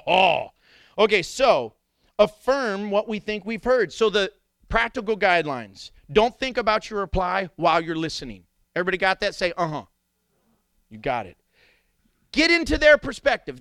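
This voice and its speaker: A middle-aged man preaching a sermon with animated storytelling, jumping into sudden impressions. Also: high-pitched, creaky, no echo. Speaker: pastor.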